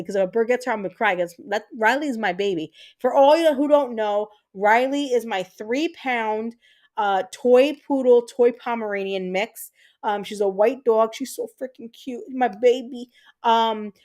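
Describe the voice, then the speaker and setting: A woman in her thirties hosting a live stream, chatting casually and telling stories with lots of swearing. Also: fairly high pitch. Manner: animated, profane storytelling. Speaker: livestream host.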